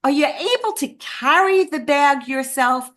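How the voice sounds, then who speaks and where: A woman voicing a grown daughter who gently and patiently questions her elderly mother. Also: sits high, a little slow, voice pushed up.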